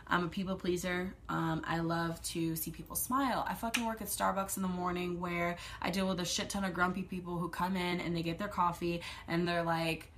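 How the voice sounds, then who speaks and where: A woman's voice: fairly low pitch, fairly even intonation, brisk, few pauses, fairly bright tone, a little hiss or hum. A young adult woman hosting her own podcast, rambling casually, swearing freely and sometimes dropping to a whisper. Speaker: podcast host. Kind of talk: casual solo podcast monologue.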